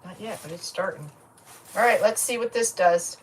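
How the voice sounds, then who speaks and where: A woman's voice: mid-range voice, moderate pace, distant mic. Chatty crafter woman, a bit off-mic. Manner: chatty, thinking aloud as she works. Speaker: crafter livestreaming a project. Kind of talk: casual chat while crafting. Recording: voice set back from the mic, faint noise.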